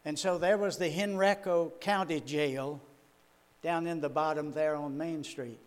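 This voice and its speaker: Older preacher guy telling stories from the pulpit, folksy and chuckly, voice a bit high. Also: fairly even intonation, measured pace, clear, resonant tone. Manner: folksy, chuckling, conversational storytelling. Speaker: minister. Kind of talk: sermon with personal stories.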